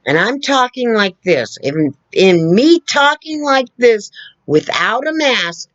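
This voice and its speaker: Woman ranting slowly at her webcam, keeps asking okay?, dull lo-fi sound. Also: fairly high pitch, big pitch swings, fairly bright tone, no echo. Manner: lecturing, repeats points, checks in with "okay?". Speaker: vlogger. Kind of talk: direct-to-camera opinion rant. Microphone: camera on a computer two feet away.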